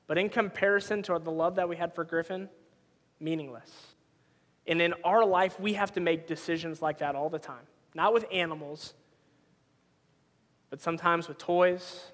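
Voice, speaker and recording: A man in his thirties with a notably high voice delivers a sermon, talking in an easy, storytelling way. His words ring out with a long reverb, as if he were in a large church hall. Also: a bit bright. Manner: conversational, storytelling with personal anecdotes. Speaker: pastor.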